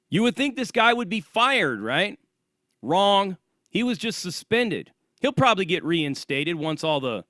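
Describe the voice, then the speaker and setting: On his own channel, a man launches into a sarcastic, swear-filled, furious monologue. His high, bright voice carries a forceful edge, captured dry and at studio quality.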